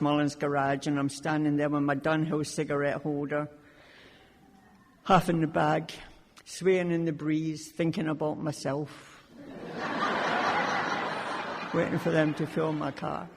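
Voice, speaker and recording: A woman from Scotland sharing her recovery story at a meeting, with wry, self-mocking humor. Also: low voice. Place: large conference hall. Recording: long hall reverb.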